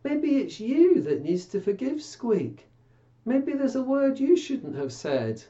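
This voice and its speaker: A children's church presenter with a bouncy, sing-song delivery who takes things slowly and deliberately. The voice is playful and coaxing, as though chatting with puppets for young listeners. The sound is dull and slightly lo-fi. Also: sits high, very animated, warm tone. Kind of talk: Bible reading and puppet talk for children.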